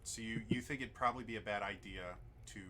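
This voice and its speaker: Low-voiced man explaining casually. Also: fast, sharp tone, slight background noise. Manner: chatty, explains things at length. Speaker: tabletop game player. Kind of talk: casual game table talk.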